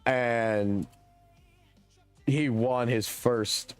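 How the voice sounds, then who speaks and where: A man's voice: mid-range voice, fairly even intonation, very slow, smooth, soft background music. A young adult man streaming live, telling a long, rambling story in casual chat and swearing heavily. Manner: profane, rambling, heated storytelling.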